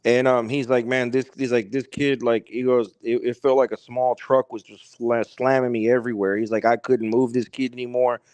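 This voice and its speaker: Male podcast guest, rambling storyteller, mid pitch, dry close sound. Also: level tone, moderate pace, hardly any pauses, a little mellow, clean tone, no room sound. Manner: rambling, repeats "he's like" and "he goes". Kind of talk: casual storytelling.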